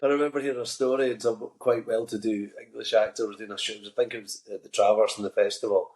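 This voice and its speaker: A Scottish man, an actor guest, chatting in a relaxed way and telling stories with humor. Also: fairly low pitch, fast talker, reverberant. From Scotland. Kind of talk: casual interview chat.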